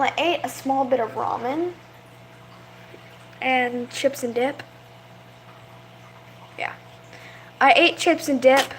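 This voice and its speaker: A woman's voice: sits high, a bit bright, a little hiss or hum. A young woman chatting casually in a vlog, rambling about her pets and stopping to coo at them. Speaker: vlogger.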